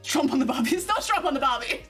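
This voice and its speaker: Aussie girl streaming from home, really high voice, chatty and giggly, faint music under it. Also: expressive, fast, a bit bright. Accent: Australian. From Australia. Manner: bubbly, giggly, rambling. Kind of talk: casual live-stream chat.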